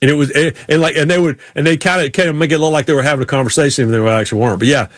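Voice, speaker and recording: A man's voice: on the high side, very fast, no room sound. A man hosting a podcast, telling sports stories in a casual chat and mimicking drawling racers. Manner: storytelling, imitates drawling racers. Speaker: podcast host.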